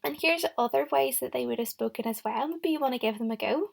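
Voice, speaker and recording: A young woman teacher with a fairly high voice and a gravelly edge records a lesson for small children. She is encouraging and speaks straight to them, praising their answers as she goes. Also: fast. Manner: encouraging, talks directly to the children. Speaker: primary school teacher.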